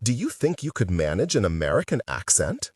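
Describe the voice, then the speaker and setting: Man doing eccentric middle-aged theater lady, breezy and bossy, lively swooping voice, husky, dry distant mic. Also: fairly low pitch, a little fast, no room sound, full character voice. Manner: breezy, commanding, evasive.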